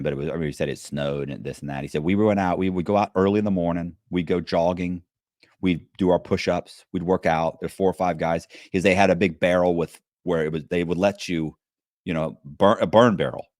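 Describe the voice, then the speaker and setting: A man's voice: low voice, no room sound, clean studio sound. A man telling prison stories in a casual, profane way, acting out the voices of the people he quotes. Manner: profane, animated, acts out the voices of other inmates when quoting them. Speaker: guest. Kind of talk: casual storytelling on a podcast.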